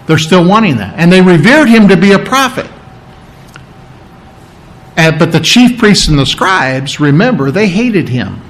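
A man's voice: high voice, sing-song, a little slow, long pauses, fairly bright tone, low-quality recording. A man preaching a sermon in a teaching, conversational way, checking in with his listeners and often restarting his phrases. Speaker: pastor.

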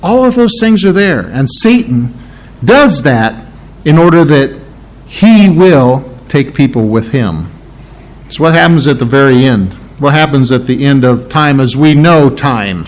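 Emphatic preaching man, lively pitch. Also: unhurried, rough recording. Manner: preaching with emphatic repetition, explaining Greek terms. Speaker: pastor. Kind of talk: sermon.

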